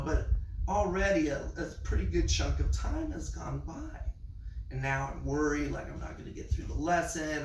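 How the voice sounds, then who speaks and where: A man who teaches online, telling a story in a casual vlog with animated delivery. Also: a little high, gravelly, reverberant, distant mic, a little hiss or hum. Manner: animated, acts out his classroom voice.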